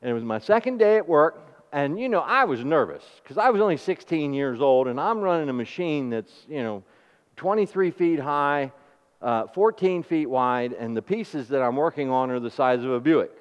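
Animated preacher man in an echoing hall. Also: on the high side, normal speed, clear, resonant tone. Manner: animated call-and-response preaching with homely stories. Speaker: pastor. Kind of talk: sermon. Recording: dull recording with long hall reverb.

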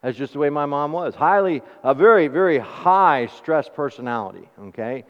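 A man preaching a sermon, asking the congregation questions and telling homely stories in an animated way. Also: a little high, moderate pace. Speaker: pastor. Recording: dull recording with long hall reverb.

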